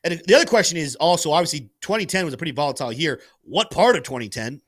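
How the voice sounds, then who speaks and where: Guy running a crypto livestream, kinda high voice, swings up and down a lot, salesy. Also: fast. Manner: animated, salesy, pushes viewers to like and join. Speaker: crypto show host. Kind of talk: livestream market commentary.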